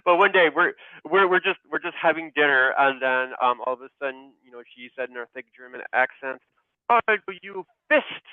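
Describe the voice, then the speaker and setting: This pharmacist, a guest on a laid-back interview, speaks in a smooth mid-range voice with a level tone. The phone-like line sounds tinny, dry and close, without any echo or room. He stumbles through his story with lots of fillers and restarts, breaking into laughter at the funny moments.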